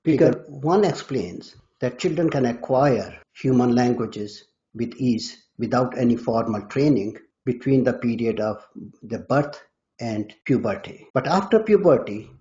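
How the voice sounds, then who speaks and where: A man explaining a scholarly topic in a measured, lecturing way, sometimes restarting words. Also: mid-range voice, mellow. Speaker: guest expert. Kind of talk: academic explanation. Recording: dull lo-fi audio.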